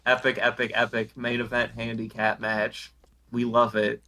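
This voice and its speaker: Podcast co-host, male, gravelly and bright-toned, deadpan profane recap delivery. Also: mid-range voice, moderate pace. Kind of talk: casual chat.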